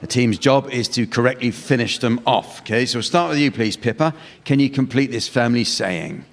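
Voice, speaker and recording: A man hosting a comedy panel game on stage before a live audience, dry and deadpan. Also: mid-range voice, fairly quick. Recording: reverberant hall, loud noise.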